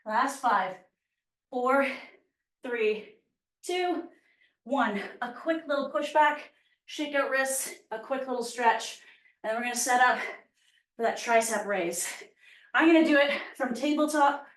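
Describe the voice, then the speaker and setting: A woman's voice: sits high, slow pace, long pauses, a bit bright. A woman fitness instructor leading a workout class, cueing moves and counting down reps while out of breath. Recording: echoey room, voice from far off mic.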